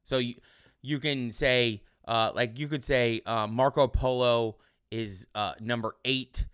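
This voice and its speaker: A male teacher giving casual online class instructions in a relaxed, rambling way with many fillers. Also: medium pitch, takes it slowly, smooth.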